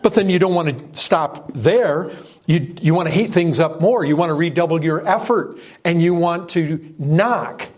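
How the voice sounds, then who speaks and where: A man preaching with a husky, slightly breathy voice pitched a little higher than most men. He speaks earnestly and with emphasis, often repeating words to drive a point home. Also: measured pace, a little mellow. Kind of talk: sermon.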